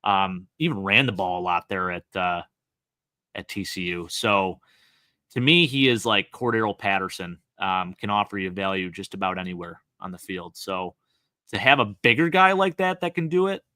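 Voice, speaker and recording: A man from Western New York with a Buffalo accent, co-hosting a casual sports chat with eager, quick analysis. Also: low voice, animated, pushed and bright, no room sound, studio quality. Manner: enthusiastic, quick analytical talk with fillers. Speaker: co-host.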